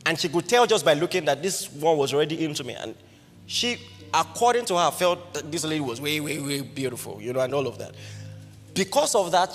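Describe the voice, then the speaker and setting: Nigerian male preacher, high voice, lively storytelling sermon, long hall echo, soft music under. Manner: lively anecdotal preaching, frequent rhetorical questions. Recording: reverberant hall with faint music.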